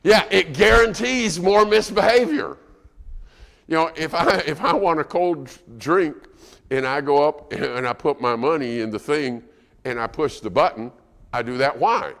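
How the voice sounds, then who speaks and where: A man's voice: on the high side, measured pace, gravelly, a bit bright. A man preaching a sermon as guest speaker, conversational and asking the congregation questions. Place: church auditorium. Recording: reverberant church hall.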